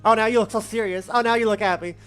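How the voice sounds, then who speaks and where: A woman voicing an excitable young witch friend in game dialogue, gushing and eager with quick questions. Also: fairly high pitch, faint music behind, lightly acted. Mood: excited. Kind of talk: reading game dialogue aloud.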